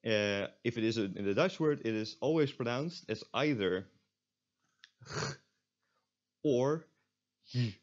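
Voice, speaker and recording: A man's voice: mid-range voice, expressive, normal speed, hardly any pauses, lo-fi sound. A young man teaching a recorded language lesson, explaining step by step with frequent fillers.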